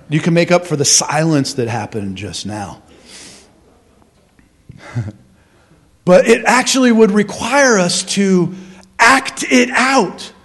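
A man preaching a sermon as pastor, emphatic, with rhetorical questions, swinging from loud to hushed. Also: fairly high pitch.

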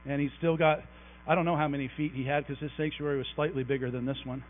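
A man preaching a conversational, animated sermon in a church sanctuary, joking with the congregation as he goes. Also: fairly high pitch, fast. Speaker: pastor. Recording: tinny phone-like recording with mains hum.

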